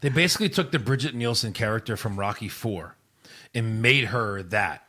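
A man co-hosting a casual chat podcast, joking and bantering in an animated way. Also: on the low side, normal speed. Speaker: podcast co-host.

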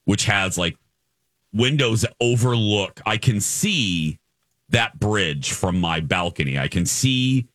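A man's voice: fairly low pitch, animated, slow pace, fairly bright tone, dry recording. A man hosting a morning radio show in casual chat, telling stories with gleeful, playful exaggeration.

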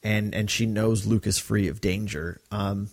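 Animated man in casual podcast chat. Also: fairly low pitch, creaky. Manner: animated, quotes movie lines in quick impressions. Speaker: podcast co-host.

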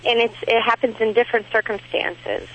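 A woman from Pennsylvania calling in to a radio show, hesitant and soft-spoken. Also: on the high side, fairly quick, husky. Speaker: caller. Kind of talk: phone-in call. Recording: phone line.

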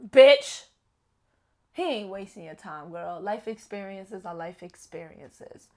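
A young woman co-hosting a casual relationship-advice podcast, talking loudly and animatedly and swearing freely. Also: mid-range voice, measured pace. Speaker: podcast co-host.

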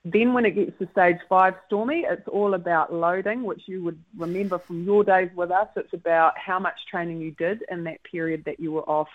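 A woman with a New Zealand accent, a netball coach giving a radio interview in measured explanations and laughing easily when teased. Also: lowish voice, fairly even intonation. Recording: slightly muffled radio audio.

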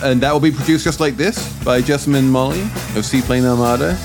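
A man's voice: medium pitch, a little fast, music in the background. A man hosting a podcast, chatting playfully and then wrapping up the episode. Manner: animated, playful, lively intonation. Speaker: podcast host. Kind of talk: casual chat and show sign-off.

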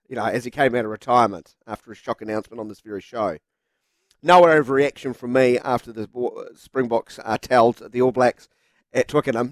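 A man's voice: medium pitch, no room sound. A man hosting a sports talk radio show, chatty and playful, with lots of "uh" fillers.

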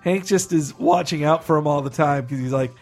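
A man's voice: on the high side, brisk, darkish tone. A man chatting casually, laughing often as he retells scenes. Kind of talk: casual podcast chat.

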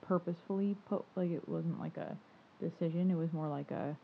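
A woman with a fairly low voice rambles casually, filling her sentences with "like" and laughing easily. The sound is narrow and phone-like, with a faint hiss underneath. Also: brisk, vocal fry. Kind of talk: casual chat. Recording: tinny phone-like line with faint noise.

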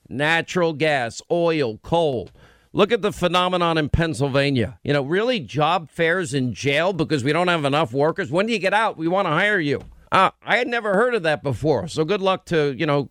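An American man hosts a radio talk show in a slightly high voice, rambling with restarts. The studio sound is close and dry. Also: a bit bright, dry recording. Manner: rambling, full of restarts and fillers. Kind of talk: casual talk radio banter. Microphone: studio microphone.

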